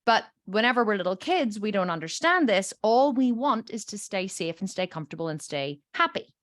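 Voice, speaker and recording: A woman coaching a group in a lively, animated way, her pitch swinging widely as she tells stories. She keeps checking in with her listeners and acts out the voices of the people in her examples. The sound is dry and close, with almost no room around it. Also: brisk, no echo. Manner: animated storytelling, checks in with "okay?" and "right?". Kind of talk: teaching a group session.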